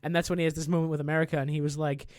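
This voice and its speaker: A man's voice: a little high, level tone, racing, dry recording, studio quality. A man co-hosting a podcast, retelling a film's plot in casual chat, swearing often and acting out the characters' lines. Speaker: podcast co-host. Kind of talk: casual recap of a film plot.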